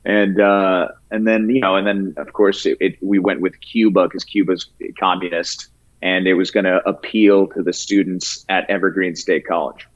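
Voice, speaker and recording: A man chatting casually as an interview guest, talking in a halting way with many restarts and easy laughter. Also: low voice, level tone, lo-fi sound. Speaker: guest, prank video creator.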